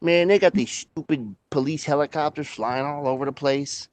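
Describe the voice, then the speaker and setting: A man's voice: on the high side, moderate pace, darkish tone. A man in loose, crude banter who laughs often and retells scenes from movies.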